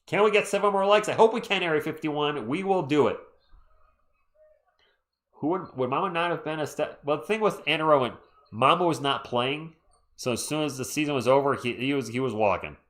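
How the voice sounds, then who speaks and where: A man's voice: a little high, fairly quick, fairly bright tone. A tired man streaming live play-by-play, laid-back and chatty, talking to his viewers between plays. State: sleepy. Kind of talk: casual live sports commentary with chat shout-outs.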